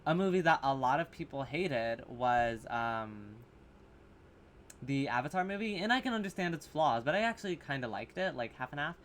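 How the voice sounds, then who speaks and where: A man's voice: mid-range voice, expressive, moderate pace, fairly bright tone, slight background noise. A man in a horror reaction vlog, rambling in loose commentary, full of fillers, swearing and sarcastic asides, recorded on his camera's mic.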